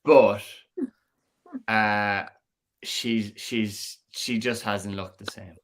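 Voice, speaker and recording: A man's voice: fairly low pitch, fairly even intonation, very slow, slight background noise. A man who rides as a jockey, chipping into a racing panel with a teasing edge. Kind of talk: casual panel chat.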